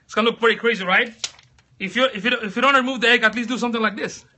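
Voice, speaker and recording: A chatty man hosts a casual livestream, calling out viewers by name and laughing often. His voice sits high and sounds very bright and forceful. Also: rapid-fire, a little hiss or hum. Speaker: livestream host.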